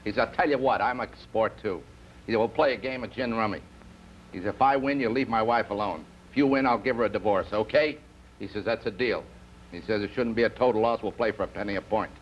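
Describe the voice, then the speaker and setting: A man's voice: lowish voice, fast talker. A man telling a long joke at a comedy round table, acting out each man's lines in turn. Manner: relaxed storyteller, acts out both men in the joke. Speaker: comedian guest. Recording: dull old TV recording with faint hiss.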